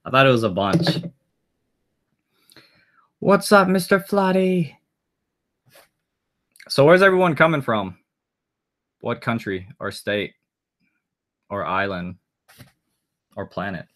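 A man's voice: on the low side, lively intonation, unhurried, long pauses, fairly bright tone. A man chatting casually on a live stream, rambling and answering viewer comments aloud as he goes.

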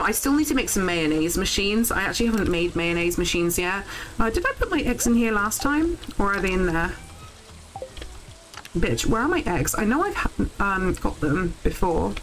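A young woman live-streams a farming game, chatting casually, thinking out loud and swearing when things go wrong. Her voice sits on the low side, and the recording quality is poor.

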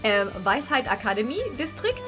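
Bubbly high-voiced woman streamer. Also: normal speed. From Germany. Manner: excitable, gushing, reads game dialogue aloud. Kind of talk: live-streamed game commentary. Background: game music.

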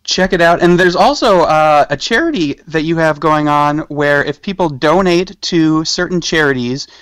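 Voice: mid-range voice, normal speed, a bit bright, no room sound. A podcast co-host asking playful questions in a casual interview.

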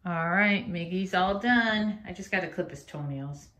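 A woman's voice: on the low side, unhurried, a bit bright. A middle-aged woman chatting casually on camera as she grooms her dog at home, often slipping into a sing-song voice to talk to her pets. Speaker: pet vlogger. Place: home grooming area indoors. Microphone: handheld phone camera.

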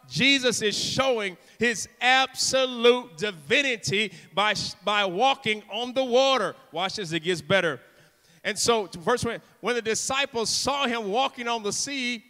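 Man, sermon, high voice, impassioned, theatrical, urging the crowd, reverberant church hall. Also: a little slow. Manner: impassioned and theatrical, acts out the story with shouts; urges the congregation with repeated calls. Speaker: guest preacher. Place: church sanctuary.

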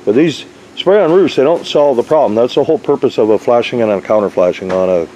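Brief: working roofer, mellow, folksy, chatty, faint hiss behind. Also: male voice, medium pitch, fast talker, poor audio. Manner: folksy, rambling, lots of fillers. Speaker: RV roof installer. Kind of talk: casual job-site walkthrough.

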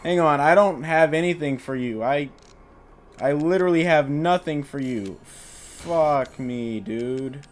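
Young guy yelling thru a horror game, kinda high voice, faint hiss behind. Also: slow pace. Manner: jokey, excitable, yells when startled. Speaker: gaming YouTuber. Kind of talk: let's play commentary.

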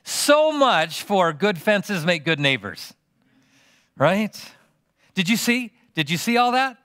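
Animated pastor preaching, lively and dry. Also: male voice, sits high, slow, no echo. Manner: animated, teasing questions to the congregation. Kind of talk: sermon.

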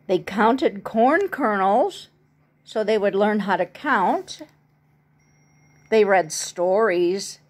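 Mom type reading a kids book out loud, slow and sing-songy, lots of little asides. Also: female voice, medium pitch, expressive. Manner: gentle, chatty asides to the child. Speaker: parent reading aloud to a small child. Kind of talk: picture-book read-aloud.

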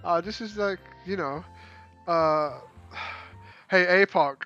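A man's voice: sits high, slow pace, bright, forceful tone, muffled recording, soft background music. A man with a Northern English accent hosting casual, joking gaming banter, full of swearing and tag questions. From northern England. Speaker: host.

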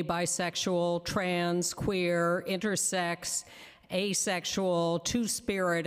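A woman giving prepared testimony at a council hearing, emphatic and deliberate, slowing down to stress each word of a list. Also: fairly low pitch, long reverb tail. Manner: emphatic, deliberate, slows on lists. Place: council chamber.

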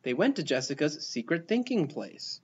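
A man reading a children's picture book aloud, expressive and playful, giving the characters their own voices. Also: fairly high pitch, normal speed, lo-fi sound, a little hiss or hum. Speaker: storybook reader.

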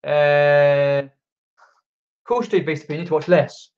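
A man's voice: fairly high pitch, fairly even intonation, slow, darkish tone. Rambling British man, muffled live stream. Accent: British English. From Britain. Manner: rambling, many fillers and restarts. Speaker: reseller streamer reading viewer chat. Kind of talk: casual live-stream chat. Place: indoors at home, downstairs. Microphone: camera mic.

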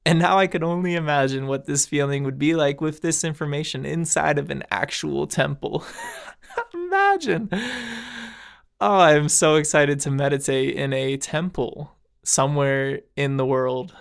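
A man's voice: a little high, level tone, normal speed, vocal fry, few pauses, clean tone. Earnest man musing on his podcast. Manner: earnest, laughs often, slangy asides to listeners. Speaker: podcast host. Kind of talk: casual spiritual monologue.

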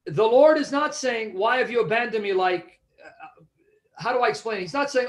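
A man leads a Bible study in a fairly high voice. He is emphatic and keeps quizzing his listeners to make sure they follow. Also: expressive, a little slow, a bit bright. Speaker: Bible teacher.

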